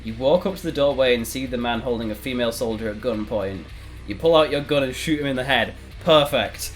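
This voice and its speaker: A man streaming a text adventure game, reading it aloud and reacting with sudden loud outbursts. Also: medium pitch, fairly quick. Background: faint background music.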